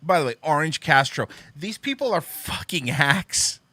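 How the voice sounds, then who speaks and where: A man's voice: fairly high pitch, lively intonation, normal speed, bright, forceful tone, no echo. A man hosting a political commentary show, reading posts aloud and mocking them with sarcastic, profane asides. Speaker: host.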